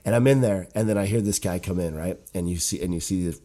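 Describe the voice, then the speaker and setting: A man with a lowish voice talks quickly on a casual podcast. He tells crude gym stories in an animated, profane way, swearing freely and acting out the people he met. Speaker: podcast co-host, gym manager. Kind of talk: casual storytelling chat.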